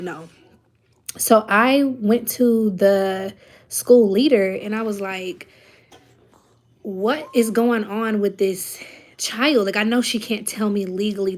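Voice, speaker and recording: Woman, vlogger, casual chat to camera, addresses viewers directly, heated storytelling. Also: medium pitch. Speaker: parent.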